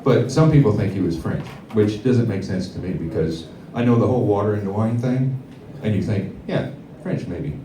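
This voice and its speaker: A man doing a stand-up set at a comedy club, with a rambling, deadpan delivery full of fillers. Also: fairly low pitch, fairly quick, few pauses, background noise. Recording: echoey club, heard from far off.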